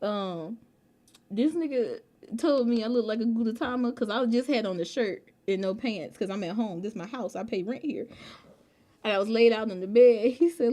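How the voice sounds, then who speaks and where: A woman streaming a game from home, chatting casually with her viewers in an animated, slangy way. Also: fairly high pitch, normal speed. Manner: animated, slangy, bursts into laughter.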